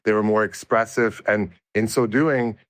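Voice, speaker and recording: A man answering interview questions as a researcher, explaining his study in a measured way with frequent restarts. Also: lowish voice, fairly even intonation, a bit bright, no echo. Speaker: researcher guest.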